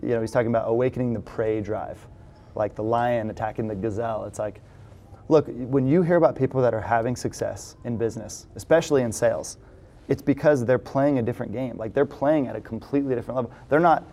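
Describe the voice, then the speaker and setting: A man hosting a casual interview, talking in a relaxed, rambling way with many fillers. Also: mid-range voice, quick pace. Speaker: podcast host.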